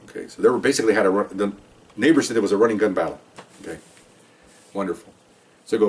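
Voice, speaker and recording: A man's voice: fairly low pitch, rapid-fire, long pauses, far from the mic. An older man, a retired police supervisor, telling his own stories in a podcast, acting out dialogue and tossing in rhetorical questions. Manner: animated storyteller who acts out dialogue and asks rhetorical questions. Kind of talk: podcast storytelling.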